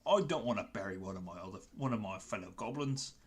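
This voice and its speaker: A man's voice: lowish voice, lively intonation, fast, natural voice. A man voicing a weary, pleading male goblin leader with a Cockney accent in the manner of a well-known British actor. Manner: Michael Caine-style delivery.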